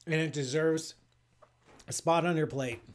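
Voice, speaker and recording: A little slow and steady in tone, his voice sits on the high side. The man, an astrophysicist hosting a live call-in space show, chats casually on stream with plenty of "like" and restarts, tasting food with playful enthusiasm.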